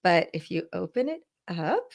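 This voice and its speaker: A woman co-hosting a relaxed talk show, with a voice that sits slightly low. She is warm and encouraging and drags out some phrases as she thinks. Her talk is casual, with restarts along the way. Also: measured pace, creaky. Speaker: podcast co-host. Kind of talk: casual chat.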